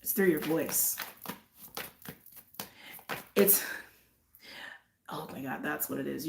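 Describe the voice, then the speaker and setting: A woman giving an intuitive tarot and astrology reading in a casual, effusive way, repeating phrases and trailing off into soft asides. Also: fairly low pitch, reverberant.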